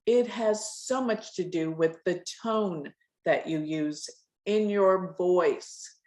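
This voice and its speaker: A middle-aged woman teaching an astrology class, pronouncing every word clearly with deliberate stress. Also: lowish voice, darkish tone. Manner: clearly enunciated, carefully stressed words. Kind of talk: lecturing a live astrology class. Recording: echoey room.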